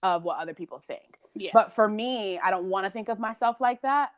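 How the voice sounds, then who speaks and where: A woman co-hosting a podcast in casual chat, animated, laughing often and acting out her own thoughts. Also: medium pitch, fairly quick. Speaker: podcast co-host.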